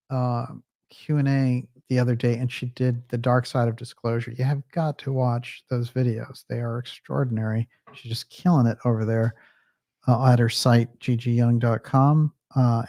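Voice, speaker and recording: A man's voice: mid-range voice, fairly even intonation, moderate pace, warm tone, dry recording, studio quality. A man hosting a livestream, chatting casually and reading out viewer comments, with frequent fillers. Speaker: livestream host.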